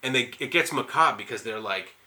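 A male podcast host rattling through a movie plot at a quick clip. His voice is very bright and forward, his talk loose and profane, full of "like" and sidetracks. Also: medium pitch, lively intonation. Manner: rambling, profane movie recap with frequent "like". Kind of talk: casual podcast chat.

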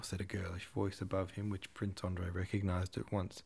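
A man reading a classic novel aloud as a podcast host, in a measured storytelling manner. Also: low-pitched, level tone, creaky, darkish tone, husky. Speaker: audiobook reader and podcast host.

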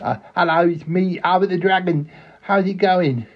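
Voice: medium pitch, normal speed, highs cut off, faint music behind, natural voice. Someone playing a giggly young dragon son. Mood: affectionate. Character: friendly young male dragon, the listener's son.

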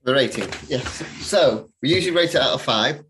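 A man's voice: medium pitch, expressive, fairly quick, fairly bright tone, slight background noise, rough recording. A man hosting a film podcast, talking casually and rambling with many fillers and restarts. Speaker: podcast host. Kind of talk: casual chat.

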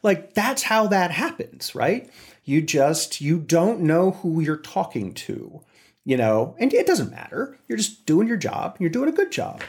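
A man telling a story in an interview, with animated delivery and frequent restarts. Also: on the high side, unhurried. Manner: animated, acts out quotes with voices. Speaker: interview guest. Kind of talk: casual storytelling.

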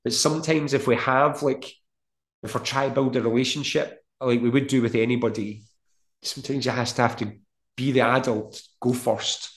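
A middle-aged man talking as a guest in a casual podcast chat, earnest and full of homely comparisons. His voice sits at an ordinary pitch for a man. The room around him rings with echo. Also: steady tone, moderate pace. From Scotland. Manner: earnest, storytelling, uses everyday comparisons. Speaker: guest, mental health practitioner. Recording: echoey room.

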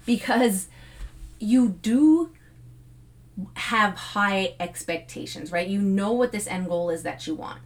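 A woman's voice: medium pitch, takes it slowly. A middle-aged woman hosting a podcast, giving casual motivational talk with frequent fillers and laughs. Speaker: podcast host.

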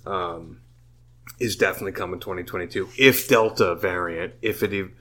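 Very low-voiced man, drunk-rambling casual talker, swears a lot. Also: moderate pace, fairly bright tone. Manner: profane, tipsy and rambling. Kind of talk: casual chat.

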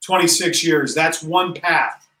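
A man's voice: takes it slowly, pushed and bright, roomy sound, far from the mic, low-quality recording. A man in his forties, an army general, talking earnestly and emphatically in a conversational interview. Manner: emphatic and earnest, rising in pitch as he stresses points. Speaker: Army general, podcast guest.

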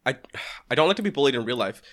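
A man's voice: mid-range voice, very animated, very fast, fairly bright tone. A man co-hosting a podcast in casual comedic chat, stammering and laughing often. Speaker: podcast co-host.

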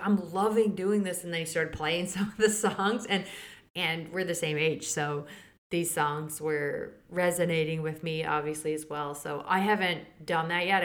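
A woman hosting a spiritual podcast, talking casually and chatting about her week and her courses. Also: fairly bright tone. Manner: chatty, laughs often, quotes others with raised pitch. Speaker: podcast host and Akashic Records teacher. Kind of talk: casual chat.

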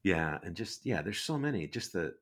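A middle-aged man telling rambling, animated anecdotes as a guest on a podcast. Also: low voice, moderate pace. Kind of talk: casual storytelling.

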